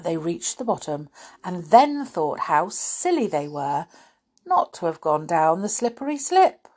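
A woman reading a children's storybook aloud, unhurried, breaking off for chatty asides to her listeners. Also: fairly low pitch, sing-song, darkish tone.

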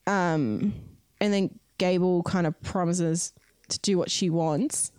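Speaking slowly in a fairly low, steady, darkish voice that is clear and resonant, a woman co-hosting a podcast tells a true-crime story casually. Her chat is full of fillers as she recounts the events, captured in clean studio sound without echo.

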